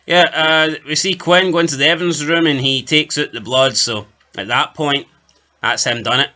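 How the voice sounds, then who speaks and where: A man's voice: a little high, steady tone, normal speed, pushed and bright. A man co-hosting a TV review podcast, recapping an episode in casual chat with jokes and asides. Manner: chatty, joking, summarizes plot with asides.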